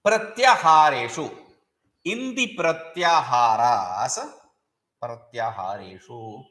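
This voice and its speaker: A man's voice: medium pitch, lively intonation, takes it slowly, fairly bright tone. A man teaching a grammar lesson, patiently explaining and repeating terms and asking rhetorical questions. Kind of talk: explanatory lecture.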